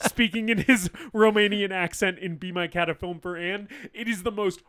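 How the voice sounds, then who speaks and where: A man co-hosting a podcast in casual chat, excitable and laughing often. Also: sits high, moderate pace, clear, resonant tone. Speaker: podcast co-host.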